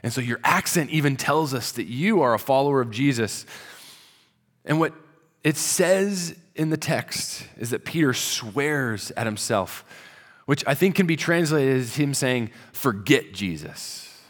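A man's voice: expressive, a little slow. Casual-talking male preacher in a big reverberant hall. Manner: conversational storytelling, drops to a soft low voice at solemn moments. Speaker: pastor. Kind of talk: sermon.

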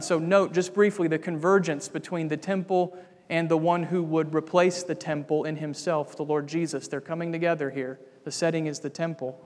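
Male preacher, high voice, emphatic sermon delivery, long reverb. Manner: emphatic, addresses listeners as friends.

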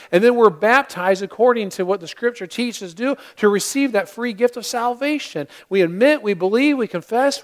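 This is a man leading a Christmas-season service from a church sanctuary, his pitch sitting high. He narrates a tale with acted-out character voices, speaking earnestly and pausing dramatically.

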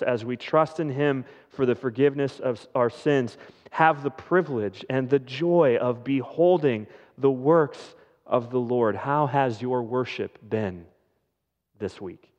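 A man preaching a sermon as pastor, speaking in a slow, measured way with dramatic pauses. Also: medium pitch, a little mellow. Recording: dull lo-fi sound with long hall reverb.

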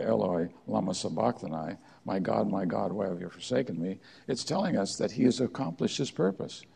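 A man preaching a sermon in church, earnest, with emphatic rises and quiet drops. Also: on the low side, gravelly, breathy edge. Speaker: pastor.

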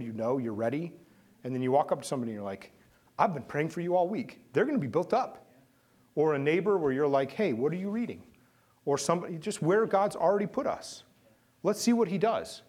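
Man pastor, husky voice, lively rising and falling pitch, sermon to the congregation. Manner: conversational, asks the congregation questions. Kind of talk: sermon and closing prayer.

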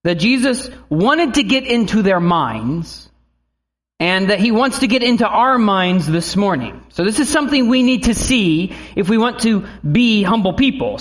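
A man's voice: high-pitched, a bit bright. A man in his thirties, a pastor giving a conversational sermon who acts out quotes and family stories.

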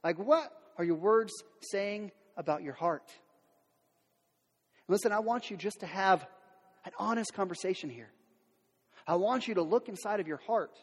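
A man's voice: high-pitched, normal speed, pauses often, husky. A man preaching a sermon as pastor, speaking candidly and conversationally, with many fillers and restarts. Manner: acts out quoted voices of everyday people. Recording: long hall reverb.

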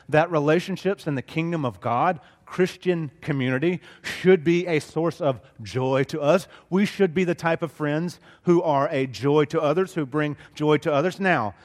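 Middle-aged Southern pastor preaching in a reverberant hall. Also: male voice, on the high side. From Southeast Alabama, US. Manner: earnest, expressive preaching, swings between loud and hushed. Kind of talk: sermon. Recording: long reverb of a large hall.

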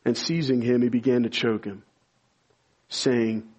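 A male pastor preaches with a husky, somewhat breathy voice at a mid pitch. He moves from calm explanation to loud, soaring emphasis as he presses a point home. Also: a little slow. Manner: rises to loud, high-pitched emphasis when stirred. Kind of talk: sermon.

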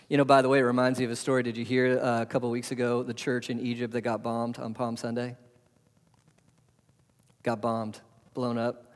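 Animated preacher man in a reverberant hall. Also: mid-range voice, a little fast, pauses often. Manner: animated preaching, rhetorical questions, swings loud to soft. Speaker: pastor. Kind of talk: sermon. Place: church hall.

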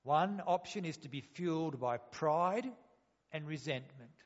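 A man's voice: a little high, animated, unhurried. A man preaching a sermon, asking rhetorical questions and acting out quotes. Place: church hall. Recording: dull sound, long hall reverb.

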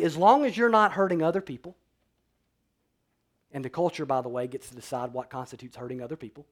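A man pastor preaching a sermon, swinging between loud emphatic declarations and quiet, low-voiced passages. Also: animated, brisk.

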